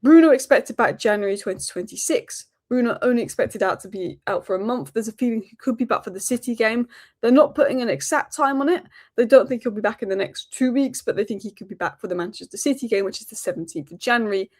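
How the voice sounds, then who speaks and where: A woman hosting a daily football news roundup, talking rapid-fire and opinionated. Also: a little high, darkish tone. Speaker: football channel host.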